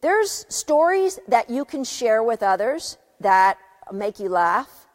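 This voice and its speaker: A woman dog trainer giving earnest, reflective advice and often asking herself questions out loud. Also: on the high side, very animated, slow. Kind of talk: motivational advice talk. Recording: long reverb.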